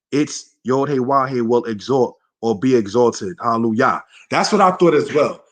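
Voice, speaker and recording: Male teacher, online class, calls students brothers and sisters, stretches out key words. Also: medium pitch. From United States. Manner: conversational, addresses listeners as brothers and sisters; slows and stresses key words. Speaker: Hebrew teacher.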